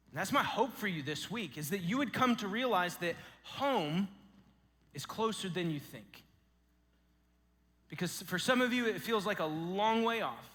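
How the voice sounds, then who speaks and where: Guy preaching at a youth camp, bright tense voice, telling stories, echoey hall. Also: high-pitched. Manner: storytelling, animated, dramatic pauses. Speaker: camp speaker.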